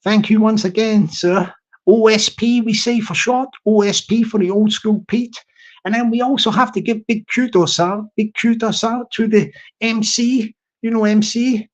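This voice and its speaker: A man hosting a casual live stream, who repeats his phrases and gives shout-outs to his chat. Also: high-pitched, steady tone, normal speed, highs cut off.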